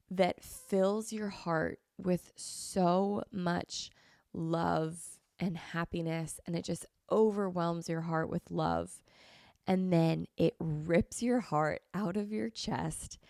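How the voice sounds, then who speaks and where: A young woman hosts a podcast with casual, gushing, effusive chatter, repeating herself while sniffly from a slight cold. Her voice is on the low side, with vocal fry and a slightly mellow tone, recorded in a clean studio with no echo.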